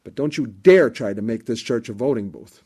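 A male pastor preaching a sermon with passion, repeating phrases for emphasis, rising loud and falling to a hush. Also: expressive, normal speed, breathy edge. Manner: impassioned preaching, swells high and loud then drops low and soft.

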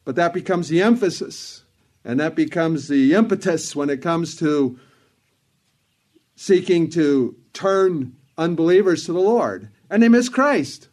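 Earnest preacher man, fairly high voice. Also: a little slow, darkish tone. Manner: earnest, emphatic, repeats phrases for stress. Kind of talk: sermon.

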